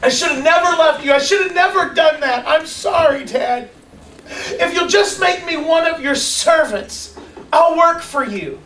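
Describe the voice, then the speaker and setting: A children's church teacher voicing a remorseful young son who begs his father's forgiveness in halting bits, in an echoey room away from the mic. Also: extremely high pitch, a bit bright, far from the mic, slight background noise, pitched above the performer's own voice. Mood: pleading. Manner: pleading, breaking off in halting bits.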